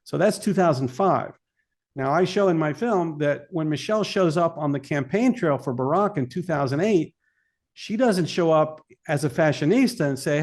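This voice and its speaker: A man's voice: fairly high pitch, animated, moderate pace. A man speaking as a filmmaker guest in an interview, emphatic and argumentative. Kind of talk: interview talk.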